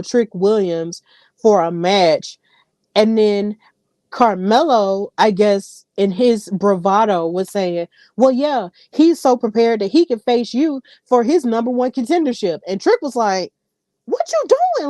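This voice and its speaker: A woman hosting a podcast, giving casual, animated and opinionated commentary aimed straight at her listeners. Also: medium pitch, dry recording, clean studio sound. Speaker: podcast host.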